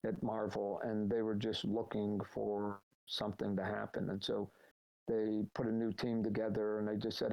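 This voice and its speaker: A middle-aged man, a guest in a casual live Q&A, telling animated, rambling stories over a voice chat call. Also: fairly low pitch, moderate pace, highs cut off. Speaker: guest answering fan questions.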